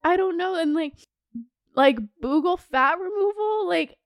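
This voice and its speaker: A young woman with a high, bright-pitched voice rants on her podcast, full of fillers and swearing. She talks in a loose, emotional way. The sound is close and dry. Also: lively intonation, unhurried, no room sound. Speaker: podcast host. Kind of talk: casual rant.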